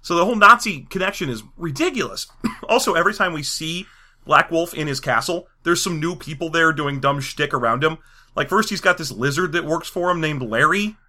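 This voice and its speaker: A man's voice: fairly high pitch, animated, a little fast, sharp tone. A man co-hosting a casual film review chat, sarcastic and mocking, acting out scenes in silly voices. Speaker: podcast co-host reviewing a film.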